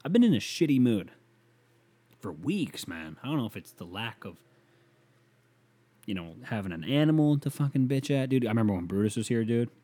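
A man hosting a solo podcast, rambling and swearing as he answers listener email, swinging from loud rants to muttered asides. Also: mid-range voice, sing-song, a little fast, pauses often. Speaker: podcast host.

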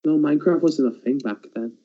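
A man from England telling a story in casual podcast chat, animated and swearing a lot. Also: on the high side, a little fast. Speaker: podcast host. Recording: dull lo-fi sound.

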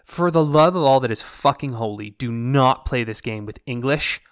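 A man's voice: medium pitch, normal speed. A young man from Canada casually chatting about video games, rambling, swearing freely and slipping into mock voices.

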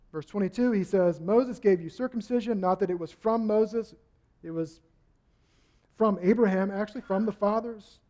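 Male pastor, high voice, animated preaching delivery that acts out the people he quotes. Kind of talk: sermon.

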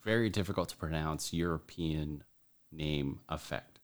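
A man's voice: very deep voice, a little slow. A man co-hosting a casual podcast, joking, swearing freely and laughing often. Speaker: podcast co-host.

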